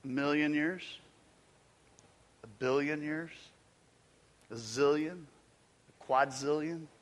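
A male pastor preaching a sermon with emphatic delivery, building to loud peaks and then dropping almost to a whisper. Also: on the high side, slow, long reverb tail.

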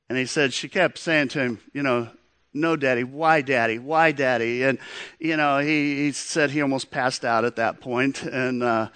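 A man's voice: medium pitch, fairly bright tone, clear, resonant tone, no room sound. A man preaching a sermon, telling stories in an earnest way and calling the listeners friends. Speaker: pastor.

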